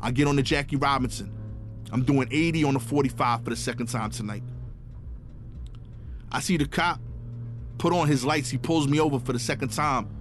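Young guy telling a story all animated, mid-range voice, guitar playing behind. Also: mid-range voice, a little fast, pauses often. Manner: animated, comic timing, casual slang. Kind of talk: personal anecdote storytelling. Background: guitar music.

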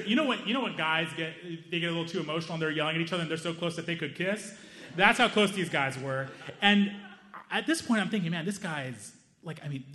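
A young man doing stand-up comedy, telling a story and acting out the people in it. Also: on the high side. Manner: animated, acts out other people's lines.

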